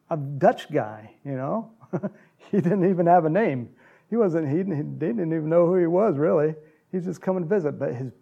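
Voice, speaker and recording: Gravelly, mellow-voiced chuckling preacher man. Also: on the high side, lo-fi sound. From United States. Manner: rambling, chuckling, many restarts and fillers. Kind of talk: conversational sermon with anecdotes.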